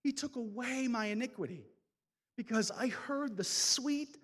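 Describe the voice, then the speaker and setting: A man giving a fervent, preacher-style testimony talk that builds to loud exhortations. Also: very high voice, a little slow. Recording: long hall reverb.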